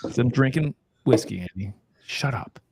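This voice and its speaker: A man's voice: mid-range voice, normal speed, darkish tone, a little hiss or hum. A man hosting a casual whiskey tasting panel, bantering, swearing and laughing as he reveals his rankings. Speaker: host.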